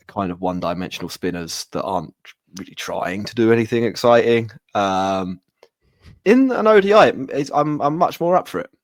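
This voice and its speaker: Brief: male podcast co-host, sweary, animated, lots of restarts, very expressive pitch. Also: no room sound, studio quality. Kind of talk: casual chat.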